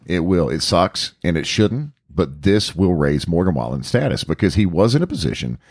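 A man's voice: low voice, big pitch swings, normal speed, a little mellow, slightly rough, dry recording. A middle-aged man co-hosting a music podcast, telling stories in casual chat and laughing often. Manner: chatty storyteller, laughs often. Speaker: podcast co-host.

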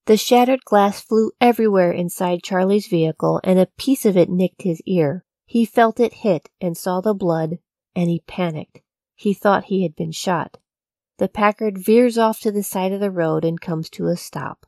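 A woman narrating a true-crime story from a script, in a measured, even storytelling delivery. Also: mid-range voice, no room sound, studio quality. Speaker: podcast narrator.

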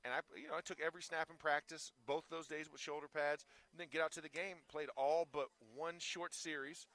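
A former pro football player talking casually and telling stories animatedly. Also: male voice, on the high side, brisk. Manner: animated storyteller, acts out quotes. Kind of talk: casual sports talk.

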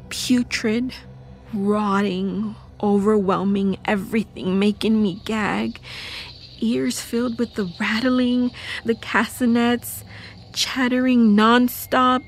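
A woman narrating a first-person horror audio drama, telling it breathlessly with halting restarts. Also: mid-range voice. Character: young woman recalling a family horror.

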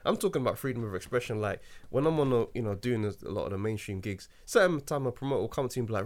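A man's voice: mid-range voice, lively intonation, rapid-fire, hardly any pauses, a little mellow. A man who works as a stand-up comedian, talking in an emphatic, slangy way in a casual chat.

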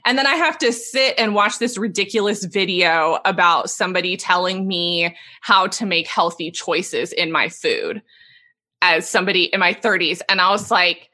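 Woman in her 30s, bright clear voice, animated storyteller on a podcast, laughs a lot. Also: lowish voice, moderate pace. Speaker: podcast guest. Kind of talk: casual interview storytelling.

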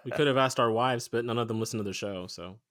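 A man's voice: medium pitch, fast talker, a bit bright. A man on a casual podcast, muddled and defensive while his friends tease him. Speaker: podcast co-host.

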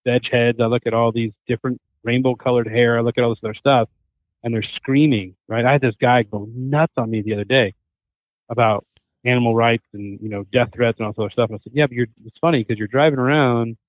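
A man chatting as a podcast guest, a lively storyteller who slips into the voices of people he quotes. His voice comes through a thin, narrow line that sounds like a phone call. The sound is dry and close, with no room around it. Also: medium pitch, fairly quick, dry recording. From Southern California. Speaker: podcast guest, hunter and chef. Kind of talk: casual conversation.

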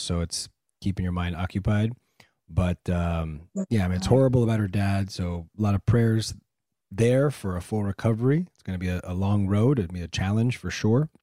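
A man's voice: on the low side, dark tone, dry recording. A man co-hosting a show, chatting casually with wry, dry remarks. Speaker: show co-host. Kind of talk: casual chat.

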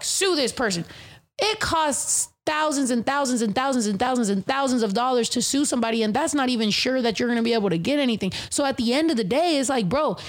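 Fast-talking, profane woman podcast host. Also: on the high side. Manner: profane, animated storytelling with slang. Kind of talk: casual chat.

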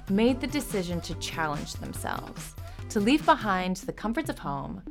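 A woman's voice: on the low side, big pitch swings, moderate pace, creaky, faint music behind. Reflective woman narrating a travel story. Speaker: podcast host.

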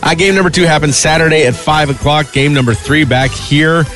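A man's voice: a little high, steady tone, a little fast, over music. A man co-hosting a morning radio show, reading sports news in an easygoing way. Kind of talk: casual morning radio banter.

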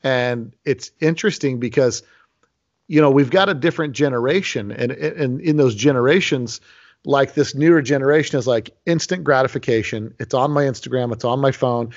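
A man in his forties hosting a casual podcast, telling animated stories with frequent restarts. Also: medium pitch. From Las Vegas. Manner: animated storyteller, many restarts. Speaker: host. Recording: lo-fi muffled audio.

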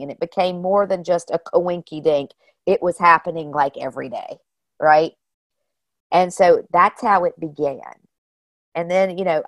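A woman appearing as a guest shares personal stories in a relaxed, animated style, frequently saying "you know" and "like." Her voice is low and creaky, and the recording has no echo.

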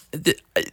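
A young man hosts a solo podcast, rambling through a profane, self-mocking comedic monologue with a sharp tone, occasionally imitating people in a squeaky voice. The studio-quality recording has no echo.

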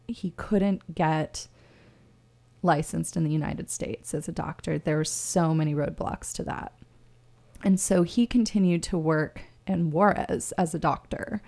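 A woman's voice: on the low side, creaky, dark tone. A woman hosting a radio show, talking in a casual, rambling way with many restarts.

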